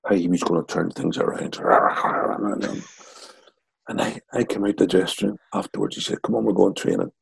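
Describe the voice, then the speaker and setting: Older Northern Irish man, guest storyteller, deep gravelly and husky, dry close sound. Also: normal speed, no room sound, rough recording. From Northern Ireland. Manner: lively yarn-spinner acting out quotes. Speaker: guest, former footballer. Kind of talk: anecdotal storytelling.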